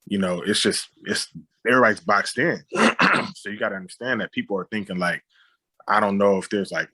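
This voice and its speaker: A man sits for an interview and retells a story in a lively way, voicing gunshots and what people said. His voice is low and husky with a bright, forceful edge. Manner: animated retelling with sound effects and quoted dialogue. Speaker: interview guest, director and writer. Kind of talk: conversational storytelling.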